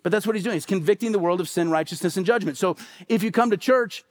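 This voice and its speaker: A man's voice: high voice, quick pace. A middle-aged man, a pastor, preaching a sermon with emphatic, repeated phrases and acted-out quotes.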